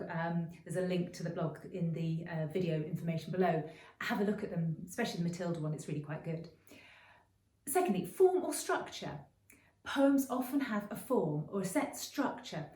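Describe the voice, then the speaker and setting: Chatty woman teaching, mellow echoey sound. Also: on the low side, far from the mic. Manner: chatty, with frequent ums and restarts. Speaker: creative writing teacher. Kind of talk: friendly explanatory video lesson. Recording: roomy echo, voice a bit off-mic.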